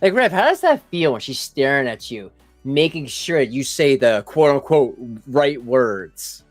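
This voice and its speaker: A man's voice: mid-range voice, big pitch swings, unhurried, no room sound, faint music behind. A man doing casual live-stream commentary, rambling with lots of "you know" and "like" and asides to his viewers. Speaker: live streamer reacting to videos.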